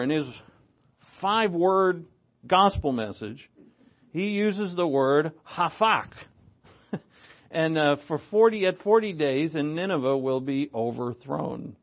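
A man preaching a sermon, animated, moving between loud emphasis and low asides. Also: creaky, highs cut off.

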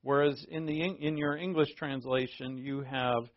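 A man teaching through a Bible passage in a relaxed, conversational way, explaining terms plainly and often restarting his sentences. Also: medium pitch, normal speed, no room sound, highs cut off. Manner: conversational and digressive, with frequent restarts.

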